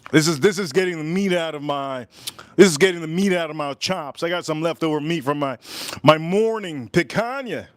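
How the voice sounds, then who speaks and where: A man with a somewhat high voice hosts a relaxed livestream, talking to viewers. He stretches his words and says each phrase over and over in a playful, unhurried way. The sound is dry and close to the mic. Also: no echo. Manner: repeats phrases, drawn-out and playful. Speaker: livestream host. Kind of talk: casual livestream chat.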